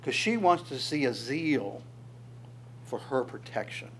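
A man's voice: mid-range voice, lively intonation, fairly bright tone, a little hiss or hum. Man preaching a conversational sermon. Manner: conversational, searching, quick asides. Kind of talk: expository sermon.

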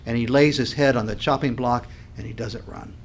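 A man preaching a sermon, swelling his voice on key points, then dropping it low, and clearing his throat now and then. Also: fairly even intonation, a little fast. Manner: dynamic preaching, voice swells and drops with emphasis. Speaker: pastor.

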